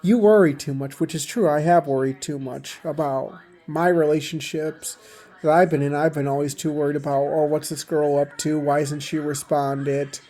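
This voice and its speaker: A man's voice: fairly high pitch, steady tone, moderate pace, warm tone. A young man casually retelling relationship advice he got, rambling with lots of fillers. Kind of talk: casual storytelling vlog.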